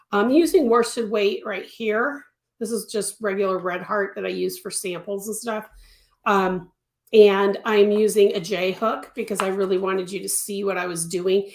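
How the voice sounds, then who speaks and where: A chatty woman giving a live crochet lesson from her home studio, answering viewers and stacking words for emphasis. Her voice sits mid-range and carries a clear echo of the room around her. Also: medium pitch, measured pace. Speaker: crochet teacher. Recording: echoey room.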